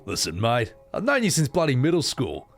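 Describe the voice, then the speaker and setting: A man's voice: medium pitch, wildly swooping pitch, a little fast, soft background music. A man voicing a blunt, crude Australian friend in a put-on Australian accent. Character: brash rude Aussie man, childhood friend.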